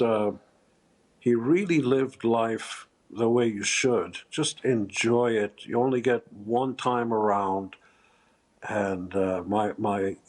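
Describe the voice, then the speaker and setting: Husky older man, halting tribute. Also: lowish voice. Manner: halting, choked up, many pauses. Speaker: interviewed musician. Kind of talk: emotional tribute interview.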